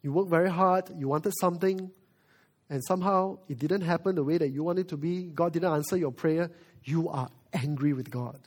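A male pastor preaching a sermon, moving from quiet reflection to loud emphasis. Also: on the high side, normal speed.

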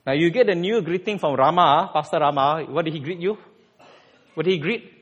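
Male pastor, fairly high and lively voice, preaching in an echoing sanctuary. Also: brisk, muffled recording. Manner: animated preaching with sudden emphatic rises. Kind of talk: sermon.

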